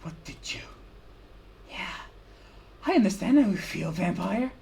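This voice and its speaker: A woman streamer giving an intense dramatic reading of a visual novel, swinging from hushed whispers to loud cries. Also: mid-range voice, animated, measured pace, pauses often, slight background noise. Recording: clear background music.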